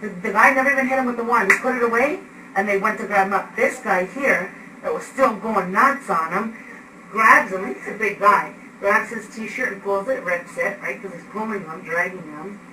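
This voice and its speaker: A woman's voice: medium pitch, normal speed. A woman giving an agitated eyewitness account indoors at home, acting out events with gestures as she speaks. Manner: animated, acts out events with gestures. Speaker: eyewitness recounting an arrest. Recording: echoey room, distant mic, background noise.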